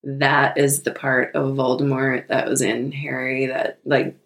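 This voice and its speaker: A woman's voice: very deep voice, little pitch movement, unhurried. A woman co-hosting a casual podcast chat, blunt and swearing often. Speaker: podcast co-host.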